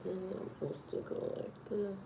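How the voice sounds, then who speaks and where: A woman hosting a casual livestream, reading out and answering viewers' comments, keeping her voice low. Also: moderate pace, background noise. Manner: reads and answers chat comments aloud, lowered voice. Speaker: livestream host.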